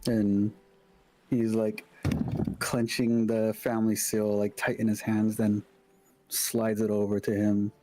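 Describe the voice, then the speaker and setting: A man describes his character's actions in a tabletop game, peppering his speech with "like". His voice is low and dark, and he talks slowly. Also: monotone, a little hiss or hum, low-quality recording. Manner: casual, with frequent "like". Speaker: player.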